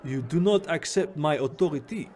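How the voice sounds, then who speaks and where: A man's voice: a little high, animated, moderate pace, darkish tone, natural voice. A man voicing a self-important veteran male shadowrunner in a put-on Jamaican-style accent. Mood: haughty.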